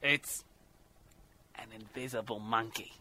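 A man's voice: on the low side, steady tone, slow, pushed and bright, pitched below the performer's own voice, exaggerated voice. A man putting on an Australian accent to voice a cheerful, cheeky male animal expert. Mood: sly. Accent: put-on Australian.

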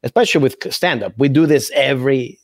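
A man's voice: medium pitch, fast, no echo. A man guest in a casual interview, rambling and restarting his thoughts as he explains his approach. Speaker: comedian guest.

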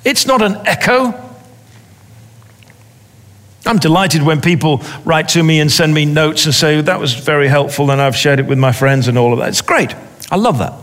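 A man preaching a sermon in a deliberate way, repeating phrases for emphasis. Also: on the high side, animated, a bit bright, big-room sound.

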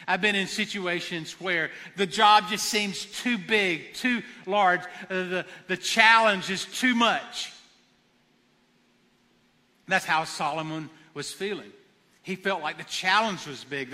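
A pastor preaching a sermon in an earnest manner, repeating phrases for emphasis. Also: male voice, high voice, pushed and bright, big-room sound.

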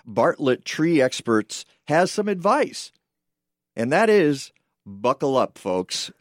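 A man hosting a radio talk show, reading sponsor spots with playful, drawn-out emphasis. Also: mid-range voice, very animated, no echo, clean studio sound. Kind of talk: radio talk and live ad reads.

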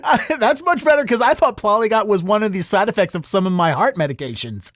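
A man's voice: sits high, lively intonation, fast, fairly bright tone, no echo, clean studio sound. A man hosting a casual comedy podcast, joking and riffing with his guest. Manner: joking, riffs into mock bits. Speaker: podcast host.

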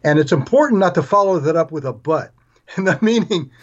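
A man as a guest author on a parenting podcast, explaining in an earnest, steady way with small restarts. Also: on the high side, fairly quick. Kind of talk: podcast interview. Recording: dull, muffled audio.

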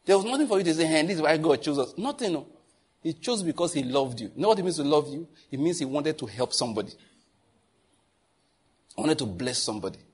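A man preaching a sermon, talking to his listeners in an animated way, laughing often and asking them questions. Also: fairly high pitch, quick pace, long pauses, husky. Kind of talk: sermon teaching.

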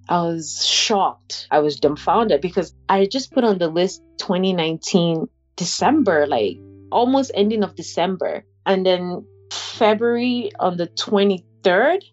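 Young woman, lower-pitched, candid first-person testimony, halting and conversational, slightly muffled lo-fi sound. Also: a little mellow. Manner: halting, conversational, many "like" fillers and restarts. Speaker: interviewee sharing a personal story.

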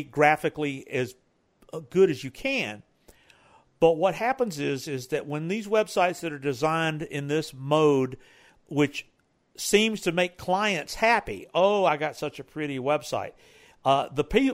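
A man co-hosting a talk, giving business advice in a rambling, loosely built way. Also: fairly high pitch. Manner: rambling, with many restarts and fillers.

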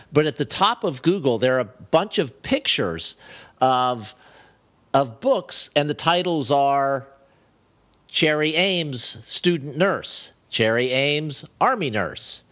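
A man hosting a casual talk show, speaking in a measured, mildly amused way. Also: on the high side, fairly bright tone. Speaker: podcast host. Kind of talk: casual chat.

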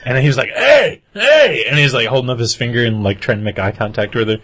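A man's voice: mid-range voice, steady tone, rapid-fire, fairly bright tone, a little hiss or hum. A man co-hosting a casual podcast, telling a rambling story with frequent laughter. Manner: rambling storyteller, laughs often, acts out quotes. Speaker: podcast co-host. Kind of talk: casual chat.

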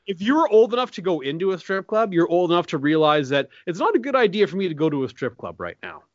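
A man's voice: high voice, sing-song, fast, dry recording, dull audio. A man co-hosting a casual sports betting podcast, musing aloud with lots of hesitations and fillers. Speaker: podcast co-host.

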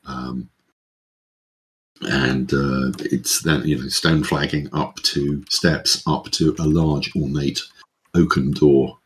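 A man's voice: rumbling low, level tone, slow. A man running a tabletop role-playing game as game master, narrating hesitantly with many fillers.

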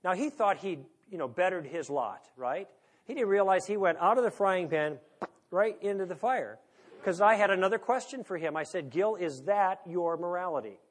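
A man's voice: high voice, animated, moderate pace. A man lecturing an audience in a conversational, wry way, leaning on rhetorical questions. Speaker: speaker.

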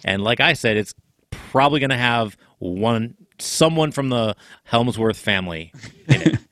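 Man, podcast co-host, bright forceful voice, blunt swearing takes, dry close mic. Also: mid-range voice, animated, no echo. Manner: blunt, profane opinions, quick asides. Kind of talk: casual chat.

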